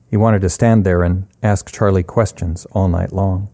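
Brief: male narrator, steady story reading, mellow and warm tone. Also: sits low, moderate pace, hardly any pauses.

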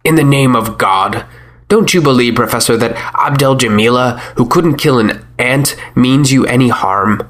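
A man's voice: mid-range voice, moderate pace, a bit bright, lightly acted. A man reading a story, voicing a blunt, plainspoken village woman with a scolding edge. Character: blunt, strong village woman chewing quat. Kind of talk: audiobook character voice.

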